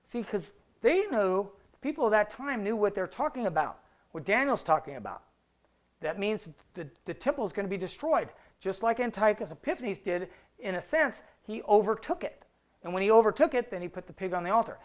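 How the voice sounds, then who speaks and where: A Bible teacher with a high-pitched, very animated voice leads a casual Bible study, talking through verses conversationally. He asks rhetorical questions and reads the old scripture slowly.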